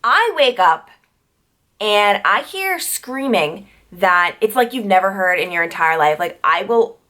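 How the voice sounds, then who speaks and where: A woman's voice: medium pitch, sing-song, a little slow, sharp tone. A young adult woman from New York telling a storytime vlog, chatty and full of "like" fillers and tangents. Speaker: YouTuber.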